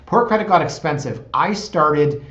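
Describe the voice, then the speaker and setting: A man's voice: a little high, lively intonation, moderate pace, a bit bright, roomy sound, dull audio. A man in his thirties, a real estate agent, talking casually and digressively in a vlog from his office. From Canada. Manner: chatty, digressive, self-deprecating.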